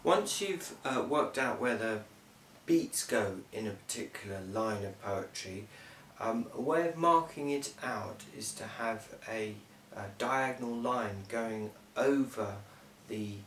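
A man explaining a lesson in a measured way, often pausing with um. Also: medium pitch, animated, fairly bright tone. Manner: measured, with frequent ums. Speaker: teacher. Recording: roomy, from a distance, faint hiss.

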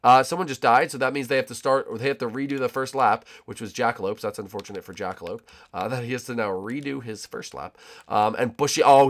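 A young man chats his way through a game session, playful and full of teasing banter. His voice sits at an ordinary pitch and jumps now and then into loud excited bursts. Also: quick pace. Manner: playful, jokey banter with sudden loud outbursts. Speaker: gaming channel host. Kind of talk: casual gameplay commentary.

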